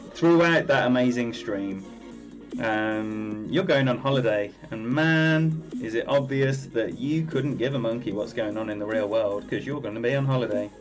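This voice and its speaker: A man talking through his game live, chatty and rambling, stopping to greet viewers by name. His pitch sits in an ordinary middle range. Faint music plays underneath. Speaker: game streamer. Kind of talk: live-stream game commentary.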